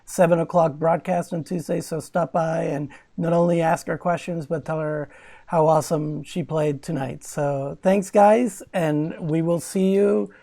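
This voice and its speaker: A woman's voice: low voice, steady tone, measured pace, gravelly, mellow. A woman hosting an online concert from home, chatting casually and rambling, often correcting herself mid-sentence. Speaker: concert series host. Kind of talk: casual livestream chat.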